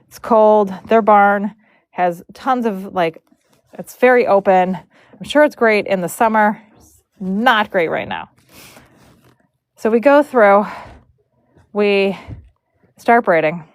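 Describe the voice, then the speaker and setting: A woman from Michigan who braids horses tells a story on a livestream in a chatty, animated way. Her voice sits at a middle pitch and is recorded close and dry, with no room around it. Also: dry recording. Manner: chatty, animated retelling of conversations.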